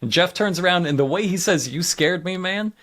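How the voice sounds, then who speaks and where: A man co-hosting a comedy podcast, chatting casually and slipping into quick joking impressions. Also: sits high, a bit bright. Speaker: podcast co-host.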